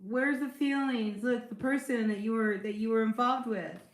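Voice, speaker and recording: A woman with a rather high, fairly even voice reads tarot for her viewers at a moderate pace in a roomy-sounding space. Her casual talk is chatty and reassuring, peppered with fillers and "all right?" or "you know".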